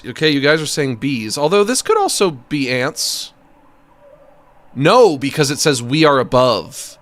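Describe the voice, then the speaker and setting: Animated man streaming a game. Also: medium pitch. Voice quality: jokey, rambling, slips into silly voices. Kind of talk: casual game commentary.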